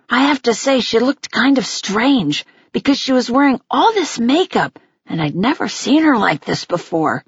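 A woman narrating a first-person audiobook in a gentle, unhurried way. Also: fairly high pitch, sing-song, husky, no room sound, lo-fi sound.

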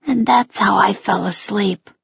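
Woman audiobook reader, very husky and gravelly, slow and intimate. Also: medium pitch, no echo, highs cut off. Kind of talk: scripted audiobook narration.

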